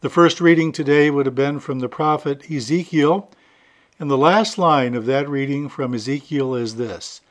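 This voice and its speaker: A man, a priest, reading the gospel aloud and then preaching a homily in a relaxed, chatty way with light humor. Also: medium pitch, normal speed.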